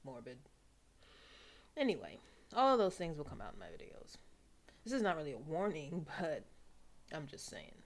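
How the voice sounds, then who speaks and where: A woman from New York talking casually to camera, chatty and wry, slipping into soft asides. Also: sits low, very animated, normal speed, pauses often. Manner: chatty, wry, drifts into soft asides and playful put-on voices. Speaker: vlogger.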